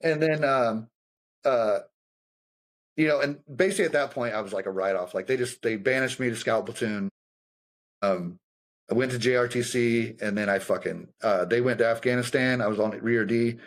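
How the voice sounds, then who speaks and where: A young adult man with a middle-pitched voice tells army stories with a loose, profane energy. He swears constantly and acts out the sergeants he quotes. His pitch climbs when he gets worked up. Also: moderate pace. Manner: profane, animated storytelling with quoted dialogue. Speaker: guest, combat veteran. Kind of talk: casual storytelling conversation.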